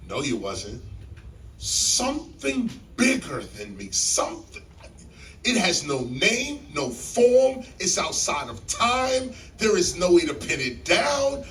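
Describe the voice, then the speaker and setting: A man telling a story to a live audience in a library hall, animated and emphatic like a preacher, repeating key lines and jumping in pitch. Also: slow pace, far from the mic, a little hiss or hum. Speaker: guest speaker on stage.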